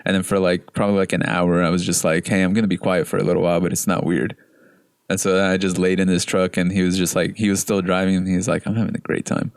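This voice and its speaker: A young man co-hosting a podcast, telling stories in a relaxed way, full of "like" and fillers. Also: low voice, fast, clear, resonant tone, dry recording, clean studio sound. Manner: relaxed, filler-heavy storytelling. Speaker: podcast co-host. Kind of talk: casual podcast chat.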